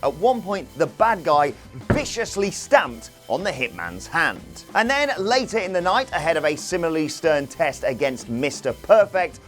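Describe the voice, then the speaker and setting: A man narrates a scripted video with a dry, sardonic edge and lots of jokey asides. His voice sits a little high and swings up and down in pitch with animated energy. Soft music plays quietly underneath.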